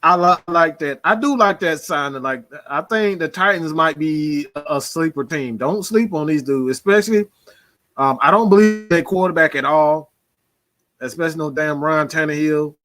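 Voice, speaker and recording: A man's voice: a little high, moderate pace, fairly bright tone, no room sound. A man giving casual, slangy football commentary, talking loosely with frequent laughs. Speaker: sports commentator. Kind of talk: casual sports talk.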